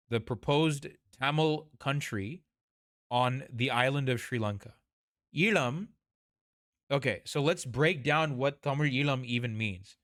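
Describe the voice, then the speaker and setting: A man's voice: medium pitch, a bit bright, no room sound, clean studio sound. A man giving casual commentary over a video, explaining at length, restarting his sentences, and openly scornful of police. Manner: explanatory, restarts and corrects himself; blunt, scornful toward police. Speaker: commentator reacting to footage.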